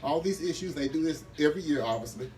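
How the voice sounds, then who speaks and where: A man's voice: on the high side, fast, darkish tone. A man giving a rousing, preacher-like speech at an outdoor press conference. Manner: rousing, preacher-like delivery addressing the crowd. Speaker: community advocate speaker. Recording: distant mic with faint ambient noise.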